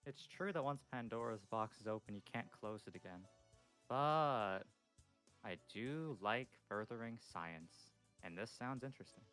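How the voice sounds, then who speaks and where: A cool-headed teen chemist boy, as a man plays him, dry and matter-of-fact. His voice sits at an ordinary middle pitch, with faint music in the background. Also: lively intonation, unhurried, a bit bright, clean tone. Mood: calm. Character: calm teen boy chemist with fear gas.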